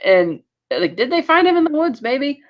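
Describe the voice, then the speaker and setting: A woman co-hosting a podcast, telling the plot in a lively, casual way. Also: high-pitched. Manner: lively storytelling, quickly recapping plot. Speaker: podcast co-host. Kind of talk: casual podcast episode recap. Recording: dull lo-fi sound.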